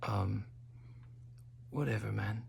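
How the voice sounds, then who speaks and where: A man hosting a casual monologue while high, drifting into whispery asides. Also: fairly even intonation, slow, vocal fry, darkish tone, a little hiss or hum. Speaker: host.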